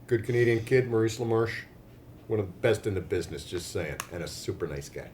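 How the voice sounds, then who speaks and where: A man from Australia, a voice actor being interviewed at a fan convention, telling stories in a playful, joking way with deadpan dark humor. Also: lowish voice, brisk, slight background noise. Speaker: voice actor guest.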